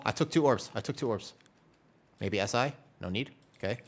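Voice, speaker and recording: Man, slightly low voice, chatty, live gameplay commentary, allergy sniffles, keyboard clicks behind. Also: moderate pace. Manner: chatty, explains rotations while reading chat. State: sneezing and coughing from allergies. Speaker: streamer playing a tank.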